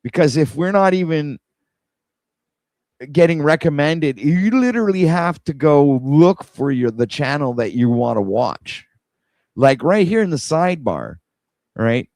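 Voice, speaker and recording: A man's voice: on the high side, animated, measured pace, darkish tone, no echo. A man hosting a casual livestream, rambling in an exasperated way and talking to his viewers while he scrolls. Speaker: livestream host.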